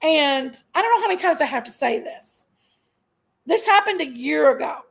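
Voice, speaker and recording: Gravelly, high-voiced woman venting. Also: lively intonation, moderate pace, poor audio. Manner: aggrieved, emphatic venting, repeats herself. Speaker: livestream host. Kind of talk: casual live-stream rant.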